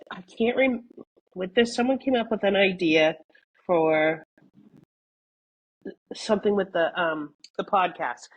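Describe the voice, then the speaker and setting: A woman's voice: fairly low pitch, husky, low-quality recording. A middle-aged woman co-hosting a podcast, chatty and storytelling, laughing often and swearing casually. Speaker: podcast co-host. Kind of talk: casual chat.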